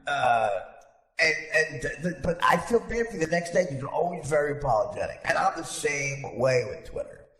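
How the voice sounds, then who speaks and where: Animated man in an echoey room. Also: on the high side, a little fast. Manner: animated, rambling, frequent restarts. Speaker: podcast host. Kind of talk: casual chat. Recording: echoey room with long reverb.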